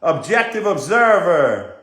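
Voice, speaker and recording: A man's voice: sits high, sing-song, a bit bright. Upbeat man. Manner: upbeat, greets viewers by name, talks fast. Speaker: wellness livestream host. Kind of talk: casual livestream chat. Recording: echoey room.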